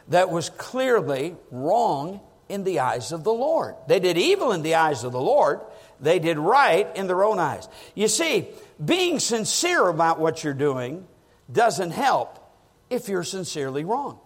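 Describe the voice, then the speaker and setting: A man preaching a sermon with strong emphasis, climbing on key words and dropping low to drive points home. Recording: long reverb of a large hall.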